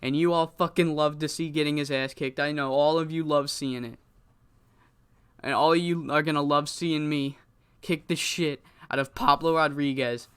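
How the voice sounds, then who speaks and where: A man's voice: fairly high pitch, fairly even intonation, normal speed, fairly bright tone, smooth, natural voice. A man voicing a cocky male wrestler taunting the boss and the crowd. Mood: boastful. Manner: boastful, taunting.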